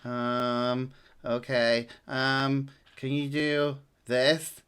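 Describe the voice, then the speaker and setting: A shy, sweet little collie puppy from a tabletop game speaks in a slightly raised, gentle voice, as a British game master puts him on. He hesitates often and sounds eager to please. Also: mid-range voice, monotone, drawn-out words, smooth, voice pushed up.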